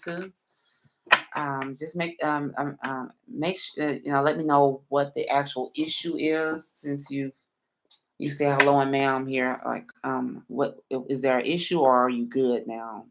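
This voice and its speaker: A woman reading tarot on a late-night live stream. She is sleepy and yawning, and she rambles through many fillers while she answers viewers one by one. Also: very deep voice.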